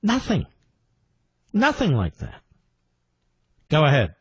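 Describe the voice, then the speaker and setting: A man's voice: a little high, huge pitch swings, takes it slowly, slightly rough, no echo, dull audio. A man hosting a combative political talk radio show, indignant and emphatic, firing rhetorical questions and repeating his points.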